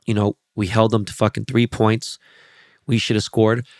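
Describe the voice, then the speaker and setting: A man hosting his podcast, rambling through sports and celebrity stories with constant swearing and animated asides. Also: fairly low pitch, normal speed, dry recording, studio quality. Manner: profane, rambling, animated storytelling. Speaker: podcast host. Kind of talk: casual podcast monologue.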